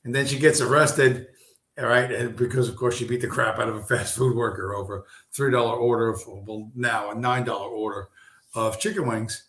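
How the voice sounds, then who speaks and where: A man's voice: medium pitch, fairly even intonation, fairly quick, a bit bright. A man streaming a casual, rambling, profane monologue full of fillers. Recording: roomy echo.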